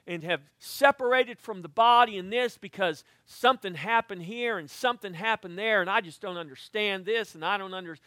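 An older man, a pastor, preaching a sermon with lively swings between quiet asides and loud emphatic bursts. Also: high-pitched, no echo, studio quality.

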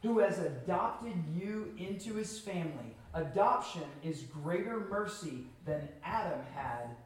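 A man preaching a sermon as pastor to his church, with earnest emphasis and pauses. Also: high voice, animated. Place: church sanctuary. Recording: very echoey hall, from a distance.

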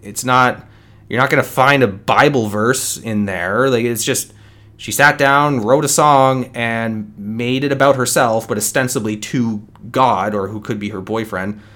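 A man's voice: mid-range voice, a little slow, bright, forceful tone. Earnest man ranting on his podcast. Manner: earnest, conversational, many restarts. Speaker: podcast host. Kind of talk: solo opinion podcast monologue.

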